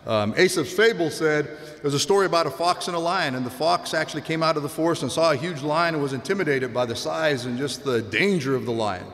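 A man's voice: on the high side, fairly quick, a bit bright. A man giving a conversational sermon, telling a personal story and asking the listeners direct questions. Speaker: preacher. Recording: long hall reverb.

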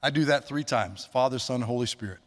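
A man's voice: medium pitch, fairly quick. A man preaching a sermon as pastor, in a conversational, chatty manner with asides to the congregation. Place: church sanctuary. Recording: long hall reverb.

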